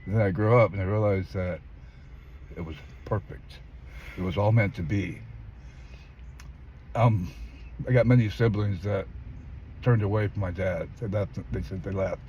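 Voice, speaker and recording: A Californian older man gives emphatic personal testimony in a street interview, acting out quoted voices and often leaping up in pitch. He talks at normal speed with long pauses and a slightly mellow tone, over dull lo-fi audio with faint traffic.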